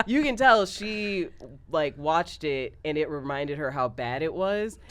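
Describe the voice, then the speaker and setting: A woman hosting a podcast in casual chat, retelling stories with animated impressions and frequent laughs. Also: sits low, a little slow. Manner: animated, acts out quotes from the show. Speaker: podcast host.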